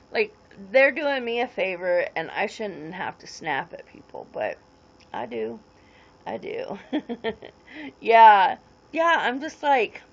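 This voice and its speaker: A woman's voice: mid-range voice, vocal fry, lo-fi sound. A woman in her forties rambling casually on a livestream, greeting viewers and answering their comments as they come in. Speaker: livestream host.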